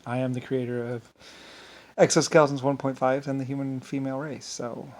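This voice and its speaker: Man of ordinary pitch, solo unscripted monologue; grandiose, wandering, circles back on himself. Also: level tone, fairly quick. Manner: grandiose, meandering, repeats himself. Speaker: solo speaker.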